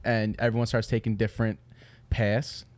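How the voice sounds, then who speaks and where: Deep, mellow-voiced podcast host. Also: male voice, level tone, normal speed, no echo. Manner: encouraging, rambling questions with restarts. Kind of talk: casual interview chat.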